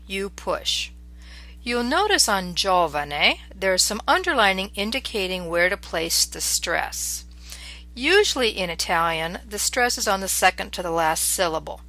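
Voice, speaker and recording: A middle-aged woman teaching pronunciation, slowly and carefully drilling sounds and words. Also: lowish voice, expressive, sharp tone, dry recording. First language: English. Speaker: language teacher. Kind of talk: pronunciation lesson.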